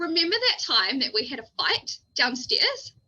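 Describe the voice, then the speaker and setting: Lively, bright-voiced young woman swearing freely. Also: sits high, normal speed, dull audio. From New Zealand. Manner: animated, swears freely, laughs often. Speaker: podcast host. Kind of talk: casual chat.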